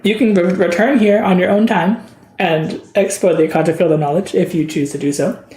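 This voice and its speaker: A man voicing a calm female raccoon guide with a gentle, soothing manner, in a tabletop role-playing game. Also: high voice, fairly quick, natural voice. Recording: roomy echo.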